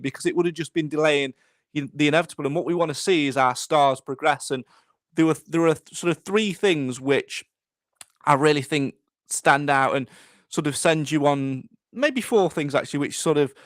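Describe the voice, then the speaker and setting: A man's voice: a little high, fairly bright tone, no echo. A man hosting a live podcast, talking in a chatty, rambling way with many restarts. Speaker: podcast host.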